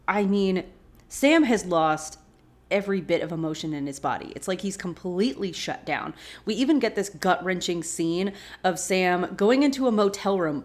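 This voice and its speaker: A woman hosting a rewatch show, casually recapping an episode and reacting with feeling as she retells it. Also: mid-range voice. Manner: expressive, reacts emotionally while retelling.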